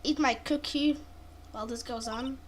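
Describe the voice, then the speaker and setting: A woman's voice: sits high, fairly even intonation, normal speed, slight background noise. A woman playing a courtroom game and making offhand, self-mocking asides. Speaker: game streamer. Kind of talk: casual asides while voicing a game.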